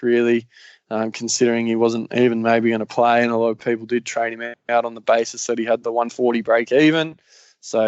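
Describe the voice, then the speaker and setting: A man's voice: medium pitch, a little mellow, clear, resonant tone, dry recording. A man with an Australian accent hosting a casual sports podcast, rambling along with lots of ums and yeahs. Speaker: podcast host. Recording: slightly muffled lo-fi recording.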